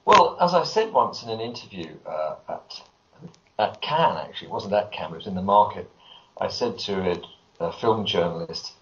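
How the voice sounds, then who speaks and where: Man, from Britain, interview guest, dry storyteller, lowish voice, dull audio with faint hiss. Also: expressive, normal speed. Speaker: filmmaker guest. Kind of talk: interview answers.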